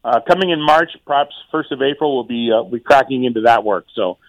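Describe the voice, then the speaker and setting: Halting middle-aged man, dry close sound. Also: mid-range voice, dry recording, lo-fi sound. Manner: halting, many repeated words and fillers. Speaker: township mayor, radio guest. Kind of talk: casual radio interview.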